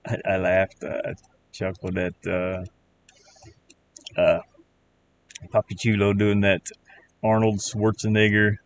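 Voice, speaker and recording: A man with a Southern accent chatting casually on a live stream while he builds a game, rambling in halting, self-correcting bits. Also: lowish voice, slight background noise. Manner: rambling, halting, restarts words.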